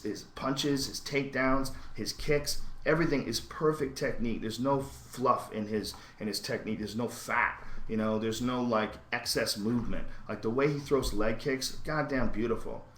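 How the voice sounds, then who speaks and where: A man with a low voice rants on his podcast, cursing freely and pressing each point hard. He swings between near-shouts and quieter muttered asides. The room echoes around him, with a faint ambience underneath. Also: a little hiss or hum. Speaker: podcast host. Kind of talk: profane animated podcast rant.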